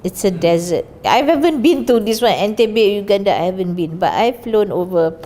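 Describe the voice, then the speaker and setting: A woman teaching an English class, lively and questioning, explaining words and their pronunciation. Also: medium pitch, normal speed.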